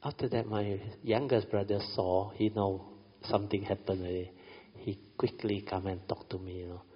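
A middle-aged man with a low, husky voice and a Malaysian English accent tells a family story, often tossing in "you know". His voice carries a long hall reverb, and the recording sounds dull. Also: steady tone, moderate pace. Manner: chatty, frequent "you know", light laughs. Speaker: speaker recounting a family story. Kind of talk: storytelling talk.

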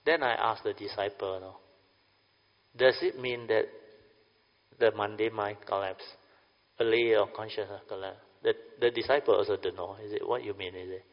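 A man's voice: lowish voice, steady tone, moderate pace. An older man giving a Buddhist dharma talk to a class, chatty, often asking "understand or not?". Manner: chatty, keeps checking the audience with "huh?" and "understand or not?". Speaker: Buddhist meditation teacher. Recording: lo-fi recording in a reverberant hall.

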